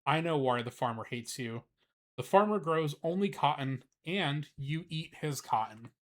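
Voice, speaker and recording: A man voicing a calm grasshopper in a storybook read-aloud, plainly explaining. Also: fairly high pitch, a little slow. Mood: frank. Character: knowing male grasshopper, calm and frank.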